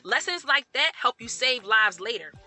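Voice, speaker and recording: A woman who works as a nurse, telling a story to camera in a casual, animated way and firing off rhetorical questions. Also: a little high, soft background music. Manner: animated, colloquial, jumps into loud acted reactions; asks rapid rhetorical questions to the audience.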